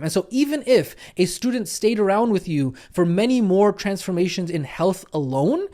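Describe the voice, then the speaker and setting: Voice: medium pitch, darkish tone. A trainer teaching coaches in a recorded training lecture, speaking emphatically, repeating key phrases and checking in with "right?" and "okay?".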